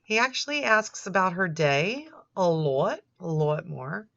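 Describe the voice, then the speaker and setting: A woman's voice: fairly low pitch, sing-song, unhurried, creaky, a bit bright. A woman giving comic, sardonic commentary on a chat log, with laughing asides, on a dull lo-fi recording.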